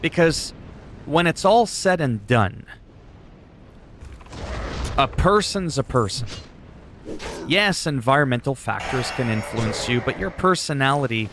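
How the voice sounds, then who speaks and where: On a casual livestream, this blunt French-Canadian man in his 40s swears and jokes as he talks about his game. He sounds animated but unhurried at medium pitch, with long pauses and some background noise.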